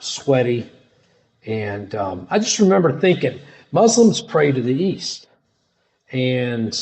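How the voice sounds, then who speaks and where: A middle-aged man tells his testimony in loose, slangy everyday talk. His voice sits a little high and swings widely up and down as he dramatizes each moment. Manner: animated, dramatic, casual slangy speech. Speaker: storyteller sharing a testimony. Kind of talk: personal testimony storytelling.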